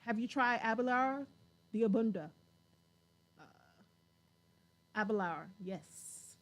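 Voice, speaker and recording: Woman host, casual chat, slightly higher pitch, lively and giggly. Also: slow. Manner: chatty, animated, laughs often. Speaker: show host.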